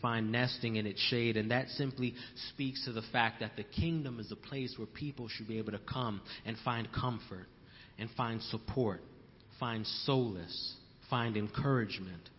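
A man's voice: medium pitch, normal speed, a little hiss or hum. A young man preaching a sermon as pastor, repeating key lines for emphasis and calling his listeners brothers and sisters. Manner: storytelling asides, rising to loud emphasis. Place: church sanctuary. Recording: long hall reverb, dull lo-fi sound.

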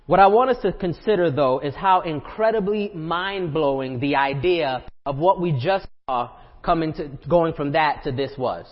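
Male pastor, high voice, conversational sermon full of rhetorical questions, long church reverb. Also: muffled recording. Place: church sanctuary.

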